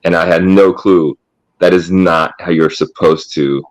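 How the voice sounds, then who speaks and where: Male podcast co-host, very low voice, dry close sound, rambling and sarcastic. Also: fairly even intonation, unhurried, dry recording, low-quality recording. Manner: rambling, self-mocking, sarcastic. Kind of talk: casual podcast chat.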